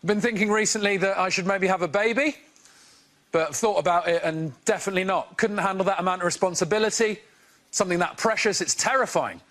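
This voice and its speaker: A man's voice: sits high, quick pace, a bit bright. A man telling self-mocking stand-up stories in a chatty way. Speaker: stand-up comedian. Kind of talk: stand-up set.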